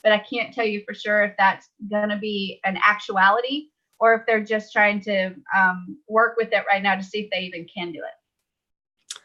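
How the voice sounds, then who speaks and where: A woman's voice: medium pitch, steady tone, normal speed, bright, forceful tone, highs cut off. A woman leading a live online webinar tutorial, chatty and upbeat, laughing easily. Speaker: webinar trainer.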